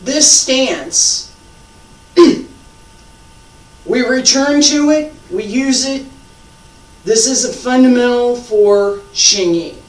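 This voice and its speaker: Slow-spoken teacher heard from afar. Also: medium pitch. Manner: slow, patient, repeats key points, self-deprecating humor. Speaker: martial arts teacher. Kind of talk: live instruction with demonstration. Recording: echoey room, mic far off.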